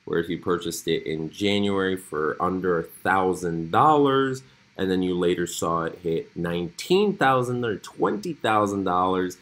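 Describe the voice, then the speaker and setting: A man hosting a cryptocurrency channel, talking casually through price charts with animated, swinging emphasis. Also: normal speed. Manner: animated, lively pitch swings. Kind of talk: casual commentary over charts.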